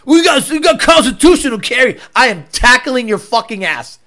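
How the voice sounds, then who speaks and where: A man puts on an exaggerated, very high-pitched voice, well above his natural one, to play a fed-up male police officer who is blunt, exasperated, and profane. The delivery is bright and forceful, with big pitch swings at a normal speed.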